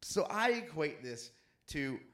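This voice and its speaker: A man co-hosting a casual church chat, an animated and playful storyteller. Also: a little high, slow. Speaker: co-host.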